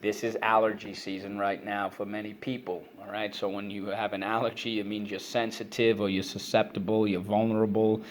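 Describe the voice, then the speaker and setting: Man drilling phonics, low voice. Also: little pitch movement, slight background noise. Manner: brisk, repetitive drilling, prompts and praises listeners. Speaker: phonics teacher. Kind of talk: online reading lesson for kids.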